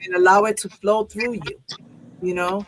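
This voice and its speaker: A woman's voice: mid-range voice, level tone, normal speed, low-quality recording. Tearful woman hosting a memorial chat. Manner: tearful, laughing through emotion. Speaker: host. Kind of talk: emotional casual chat.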